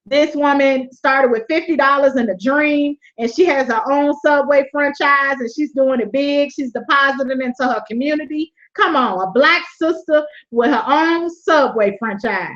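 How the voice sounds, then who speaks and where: A woman hosting a webinar, giving a lively motivational faith talk, laughing often and repeating her points like a preacher. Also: high voice, moderate pace, hardly any pauses. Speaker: webinar host. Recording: dull lo-fi webinar audio.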